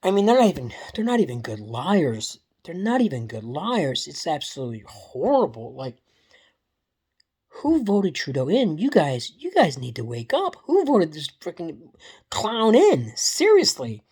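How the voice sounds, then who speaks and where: A woman's voice: deep voice, wildly swooping pitch, measured pace, warm tone, breathy edge. A woman delivers a heated, profane political rant in a casual vlog, repeating herself and restarting sentences. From Canada.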